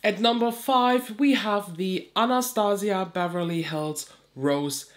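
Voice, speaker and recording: A woman's voice: medium pitch, slow. A woman with a cold and a blocked, nasal voice, chatting casually as she reviews products in a beauty vlog and often restarts her phrases. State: stuffy nose from a cold. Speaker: beauty YouTuber.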